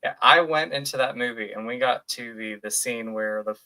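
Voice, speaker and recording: A young man chats casually on a podcast with a bright, forward voice. He is animated and laughs easily, and he acts out his own reactions as he talks. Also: mid-range voice, moderate pace. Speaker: podcast co-host. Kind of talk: casual chat.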